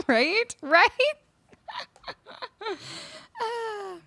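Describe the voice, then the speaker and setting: Lively, chatty woman streamer from Canada. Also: medium pitch, measured pace, no room sound, soft background music. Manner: chatty, laughs often, muses over word pronunciations. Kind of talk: casual chat with live viewers. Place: home streaming room. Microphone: studio microphone up close.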